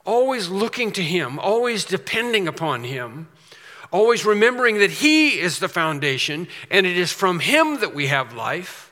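A man's voice: high-pitched, sing-song, moderate pace, bright, forceful tone. A man preaching a sermon as pastor, emphatic, with rhetorical questions and repeated phrases. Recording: long reverb of a large hall.

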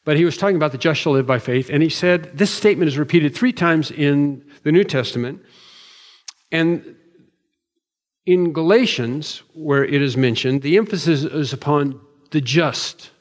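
A pastor preaching a sermon with measured, emphatic delivery and slow deliberate stresses. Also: male voice, a little high. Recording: long hall reverb.

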